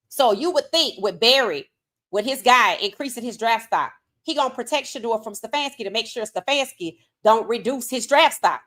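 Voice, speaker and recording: Woman, sports podcast host, outspoken, casual live-stream talk, fairly high voice. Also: animated, fairly quick, fairly bright tone. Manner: outspoken, reads chat comments aloud.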